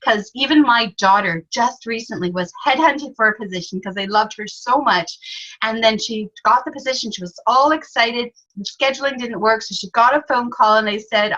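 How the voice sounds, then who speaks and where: Bright-toned woman guest, dull recording. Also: a little high, normal speed. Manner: earnest, explains with examples. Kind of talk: conversational interview. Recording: dull lo-fi sound.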